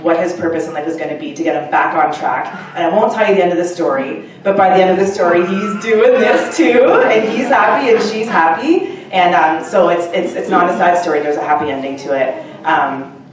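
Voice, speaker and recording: A woman's voice: lowish voice, a little fast, recorded from a distance. Chatty woman author in an echoey room. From Canada. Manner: chatty and animated, with many fillers and asides. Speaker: short story author at a book launch. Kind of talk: casual storytelling speech to a live audience. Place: upstairs room of a restaurant at a live event.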